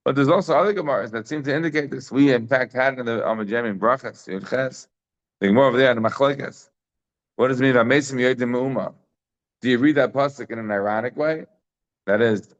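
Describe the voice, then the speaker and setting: Male Talmud teacher, emphatic, rhetorical, mid-pitched, dull lo-fi recording. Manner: emphatic, rhetorical questions, quick Hebrew and Yiddish terms. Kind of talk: daily Talmud lesson.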